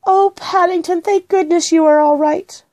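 A woman's voice: animated, moderate pace, darkish tone. A woman voicing a bossy, caring young girl who fusses and takes charge in a storybook reading. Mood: fussing. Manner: high and urgent, fussing.

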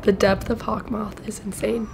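A woman's voice: mid-range voice, little pitch movement, normal speed, gravelly, background noise. A young woman giving casual, emotional commentary while she watches a movie, gushing and exclaiming, sometimes whispering. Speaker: movie reaction vlogger.

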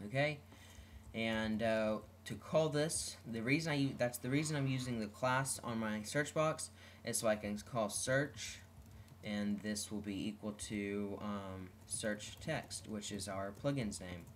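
A man's voice: lowish voice, measured pace, slight background noise. A man giving an unscripted coding tutorial who talks through each step with frequent ums and self-corrections. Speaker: web development tutorial host. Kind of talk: screen-recorded coding tutorial.

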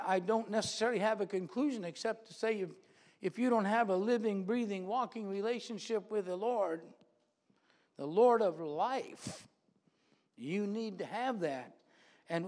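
Male preacher, high-pitched, earnest sermon delivery with repeated phrases, church setting. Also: normal speed, darkish tone.

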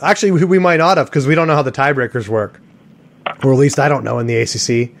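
A man chats casually on a sports podcast, rambling from point to point with jokes and strong opinions. His voice sits at an ordinary middle pitch. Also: fast, vocal fry.

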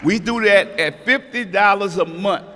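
High-voiced emphatic man in a hall. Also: normal speed. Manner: emphatic, preachy storytelling, rising to shouts. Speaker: guest speaker. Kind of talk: animated motivational talk. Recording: hall with long reverb.

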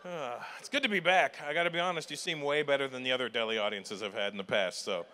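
A man's voice: medium pitch, quick pace, sharp tone. A man doing stand-up crowd work at a live show, teasing audience members in a playful way and laughing often. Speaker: stand-up comedian. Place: large live comedy venue with audience.

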